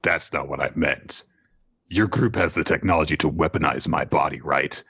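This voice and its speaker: A man voicing a bloodthirsty male monster eager for battle, with a slow, menacing way of speaking. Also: rumbling low, a bit bright, husky, dull audio, pitched below the performer's own voice, heavily acted.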